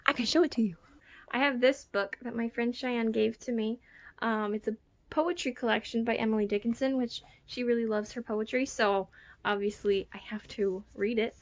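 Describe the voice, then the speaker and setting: A young woman with a fairly high voice talks casually to the camera from her bedroom. She is chatty and self-mocking, with quick giggly asides. The sound comes from a phone recording at home. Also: fairly even intonation. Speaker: book vlogger. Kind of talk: casual vlog chat.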